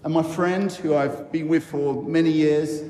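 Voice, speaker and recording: A man who is a vicar, giving a sermon in a church and telling the story slowly with reflective pauses. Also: on the high side, fairly even intonation, warm tone, slight background noise. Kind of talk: sermon talk. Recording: echoey church hall.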